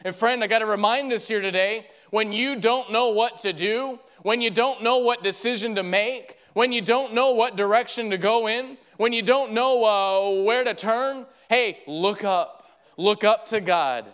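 A man's voice: high-pitched, moderate pace, hardly any pauses, fairly bright tone, smooth. A man preaching a sermon as pastor, fervent and repetitive, calling his listeners friend.

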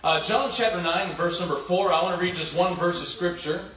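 Halting, folksy preacher in an echoey hall. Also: male voice, high-pitched, steady tone, fairly bright tone. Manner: halting, folksy, many fillers. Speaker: pastor. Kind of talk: sermon. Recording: echoey church hall from far off.

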